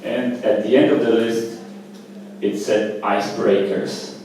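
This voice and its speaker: A man's voice: lowish voice, flat delivery, darkish tone, far from the mic, slight background noise. Man doing open mic stand-up in an echoey cafe. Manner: casual, halting delivery with many fillers. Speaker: stand-up comedian. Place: small cafe stage. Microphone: handheld stage mic.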